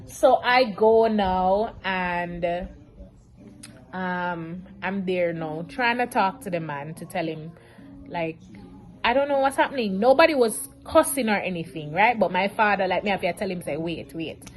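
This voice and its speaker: A woman, telling a storytime vlog in an animated, emotional way. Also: fairly low pitch, a little slow. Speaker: vlogger.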